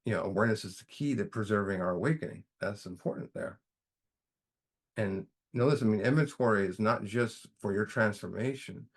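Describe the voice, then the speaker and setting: A man's voice: fairly low pitch, breathy edge. A man leading a recovery study group in a casual teaching manner, folksy, often repeating himself and saying "you know".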